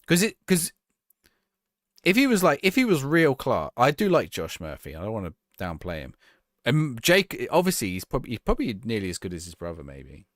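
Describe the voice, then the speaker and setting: A man's voice: mid-range voice, wildly swooping pitch, moderate pace, no echo, studio quality. A man streaming a football management game, chatting casually and answering viewers' questions as he plays. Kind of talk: live-stream gameplay chat.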